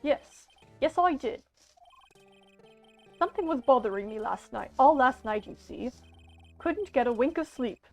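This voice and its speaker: A fretful old gentleman from a video game, as a woman puts him on, talking in a fussy, old-fashioned and hesitant way. The voice stays fairly high, with faint music behind. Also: lively intonation, measured pace, long pauses, highs cut off, full character voice. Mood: troubled. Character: fretful elderly male art dealer. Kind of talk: amateur game voice acting.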